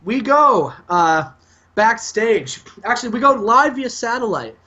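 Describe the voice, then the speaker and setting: Man, gaming host, casual recap commentary, lively pitch, muffled lo-fi audio. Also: measured pace. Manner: chatty, recaps events, acts out lines.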